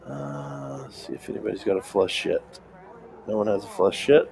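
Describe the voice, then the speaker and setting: A man calling poker hands live in a relaxed, conversational play-by-play. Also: sits low, normal speed, creaky. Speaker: poker stream commentator.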